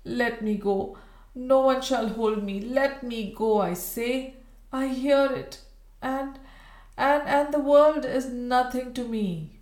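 Woman reader doing a delirious dying woman, feverish, raving, pleading, high strained cries, roomy echo. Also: takes it slowly, a little mellow. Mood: frantic raving.

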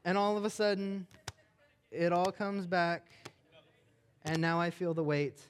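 A young adult man, a pastor, preaching a sermon with animated, emphatic delivery. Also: sits high, unhurried, a little hiss or hum.

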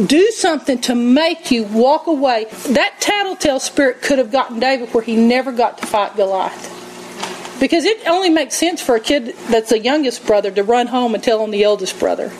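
A woman preaching a sermon, telling stories in an animated way and acting out quotes. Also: fairly high pitch, fairly quick, slight background noise, poor audio. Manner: animated storytelling, acts out quotes, laughs often.

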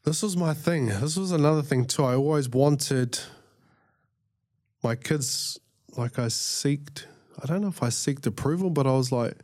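A man in his thirties from New Zealand with a New Zealand accent, telling a story in casual chat, animated and swearing freely as he acts out scenes. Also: fairly high pitch, measured pace. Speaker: guest, fighter.

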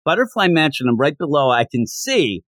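A man's voice: a little high, sing-song, brisk, a bit bright, dry recording. A man co-hosting a podcast, chatting casually as he recaps a manga chapter and slips into character voices while retelling it. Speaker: podcast co-host.

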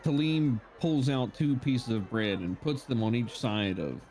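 A man's voice: mid-range voice, measured pace, over music. A man playing a tabletop game, narrating what his character does. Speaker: player. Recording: loud background noise and clicks.

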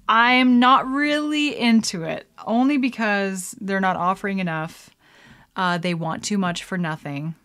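A woman's voice: medium pitch, fairly bright tone, clean tone. A woman hosting her own podcast, chatting casually and rambling with many fillers and laughs. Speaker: podcast host. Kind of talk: casual solo podcast chat.

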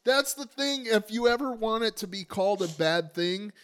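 A man co-hosting a casual podcast, throwing in sarcastic jokes and quick quips. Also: sits high, expressive, fairly bright tone, smooth. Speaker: podcast co-host.

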